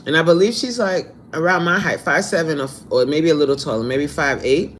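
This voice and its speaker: A man's voice: fairly high pitch, brisk, a bit bright, a little hiss or hum. A man fitness coach on a live stream who reads out viewer comments in a blunt, sassy, scolding way.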